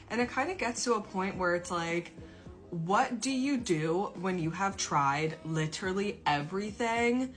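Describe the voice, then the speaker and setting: A woman's voice: medium pitch, animated, measured pace, fairly bright tone, faint music behind. A young woman telling a storytime to camera in a sarcastic, exasperated way, swearing when fed up.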